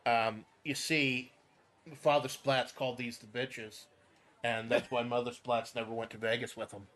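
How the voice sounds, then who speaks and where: Male stream host, middle pitch, stammers and swears, patient rule explainer. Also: flat delivery, unhurried, fairly bright tone, a little hiss or hum. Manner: stammering repeats, profane, jokey; explains game rules step by step. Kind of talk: casual game stream chat.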